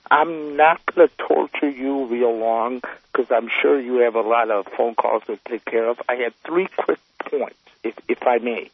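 Husky man in his forties on a phone line. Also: mid-range voice. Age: 40s. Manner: chatty, friendly, rambling. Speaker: caller. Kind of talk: casual phone call to radio show.

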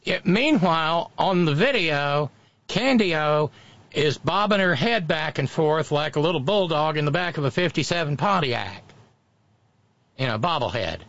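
A man's voice: a little high, expressive, unhurried, fairly bright tone, no room sound, dull audio. A man hosting a podcast, giving sarcastic, mocking commentary in casual chat. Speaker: podcast host.

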